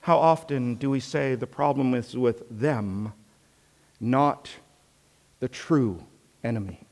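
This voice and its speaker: Slow, earnest man preaching. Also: mid-range voice, big-room sound. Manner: earnest, rhetorical questions, swings from loud to hushed. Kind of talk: sermon.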